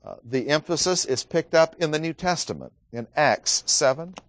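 A man's voice: a little high, lively intonation, normal speed, dry recording. A man teaching a Bible study lecture, methodically stressing key words as he reads scripture aloud, with frequent "uh" fillers between thoughts.

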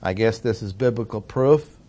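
A man's voice: fairly low pitch, normal speed, dark tone. A man teaching through a Bible passage verse by verse, stressing key words with plain-spoken asides. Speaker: preacher.

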